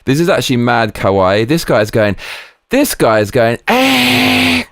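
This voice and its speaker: A man's voice: medium pitch, normal speed, no room sound, clean studio sound. Slangy man hosting a stream. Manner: excitable, slangy, chatty. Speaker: streamer host. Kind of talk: live stream commentary.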